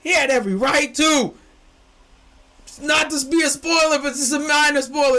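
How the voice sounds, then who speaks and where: Man, young adult, very high pitched, bright and forceful, excitable, slangy, shouts when hyped. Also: moderate pace, a little hiss or hum. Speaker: podcast co-host. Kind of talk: casual chat.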